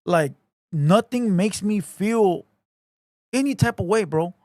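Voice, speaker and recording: Profane man, higher voice. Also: lively intonation, slow, darkish tone, no echo, studio quality. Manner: profane, blunt, laid-back street slang, calls everyone "fool". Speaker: podcast host reading viewer comments. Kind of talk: casual livestream chat.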